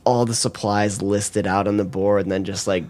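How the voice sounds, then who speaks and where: A man's voice: on the low side, level tone, moderate pace, a little mellow. A young man chatting casually as a podcast guest, rambling through stories with many filler words and bursts of laughter. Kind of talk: casual chat.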